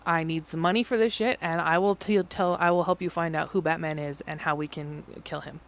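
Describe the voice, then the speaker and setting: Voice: mid-range voice, steady tone, fairly quick, a little hiss or hum. A movie vlogger giving a casual, rambling and profane recap of a film, mimicking the characters in mock voices.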